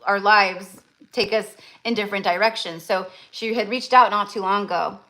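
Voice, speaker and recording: A woman's voice: mid-range voice, fairly even intonation, normal speed, sharp tone. A young woman giving a live-stream tarot reading, talking in a gushing, effusive way with many fillers and restarts. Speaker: tarot reader.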